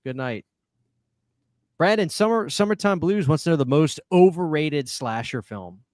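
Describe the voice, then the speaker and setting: A chatty man hosting a live stream, reading out viewer comments and laughing easily. His voice is smooth and resonant. The recording is dry and close. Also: on the high side, expressive, moderate pace, a little mellow, no echo. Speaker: podcast host. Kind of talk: casual live-stream chat.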